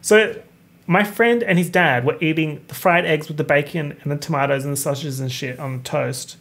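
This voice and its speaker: A young man hosting a casual solo podcast, talking in an animated, campy way and swearing freely. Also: on the high side, fairly quick, vocal fry. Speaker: podcast host.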